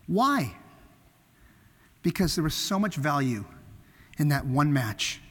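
A high, bright male voice preaching in a large reverberant hall. He tells stories with sudden swings between ringing emphasis and soft, hushed lines. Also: slow pace, husky. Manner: animated storytelling, swinging from loud to hushed. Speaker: pastor. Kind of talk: sermon.

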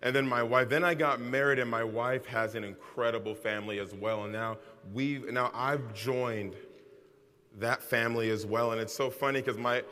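A man's voice: mid-range voice, pushed and bright. Man preaching in a reverberant hall. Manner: conversational and self-deprecating, with asides and repeated phrases. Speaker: pastor. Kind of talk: sermon. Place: large hall with an audience.

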